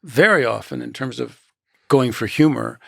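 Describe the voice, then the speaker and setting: A man in his sixties, a guest on a podcast, talking in a measured, halting way with quoted asides and dramatic pauses. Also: medium pitch, vocal fry, husky, no echo, clean studio sound. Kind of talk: reflective interview storytelling.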